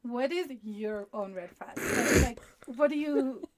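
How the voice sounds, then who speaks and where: A young woman with a slightly high voice co-hosts a casual podcast chat. She agrees readily and fills her talk with "like". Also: expressive, slow, crowd noise. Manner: agreeable, frequent "mm-hmm" and "like". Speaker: podcast co-host.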